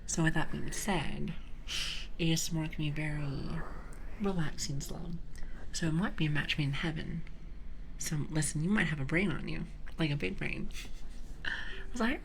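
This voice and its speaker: A woman's voice: low-pitched, normal speed, gravelly, pauses often, a little hiss or hum, low-quality recording. A young British woman streaming ASMR, chatting casually and giggling as she greets her chat by name. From Britain.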